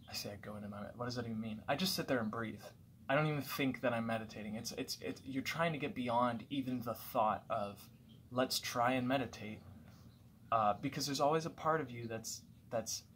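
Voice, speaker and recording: A man's voice: mid-range voice, a bit bright. Guy rambling thoughtfully at home, mid-range voice, lots of restarts, faint room hum. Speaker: vlogger. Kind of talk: casual reflective monologue.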